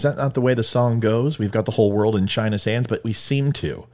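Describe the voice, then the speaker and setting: A man's voice: fairly low pitch, a little fast, few pauses, darkish tone. A man hosting a casual monologue for viewers, rambling and joking at his own expense. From California. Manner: rambling, joking, self-mocking. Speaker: host.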